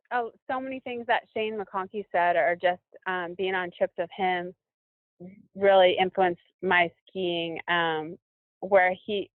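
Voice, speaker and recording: A woman's voice: mid-range voice, no room sound. Woman guest over a tinny line. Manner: thoughtful, searching for words with many fillers. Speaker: professional skier guest. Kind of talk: casual interview conversation. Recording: dry, tinny phone-like line.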